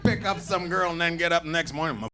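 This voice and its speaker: A man doing stand-up comedy, teasing the crowd loudly with crude banter from a club stage. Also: a little high, fairly even intonation, fast talker. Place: comedy club stage before a live audience. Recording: live club recording with noise.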